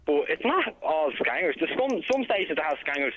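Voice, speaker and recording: A man's voice: high voice, very animated, fairly quick, gravelly, no room sound. A man with a Dublin accent calling in to a radio phone show, rambling casually with slang. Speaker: caller. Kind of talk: phone-in chat. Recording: tinny phone line.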